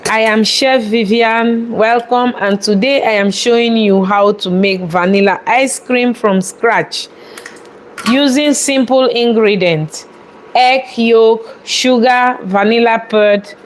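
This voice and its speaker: A woman chef hosting a live cooking demonstration from a restaurant kitchen, chatty and quick to laugh as she talks viewers through each step. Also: fairly high pitch, a little hiss or hum. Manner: chatty, laughs often, warmly thanks viewers.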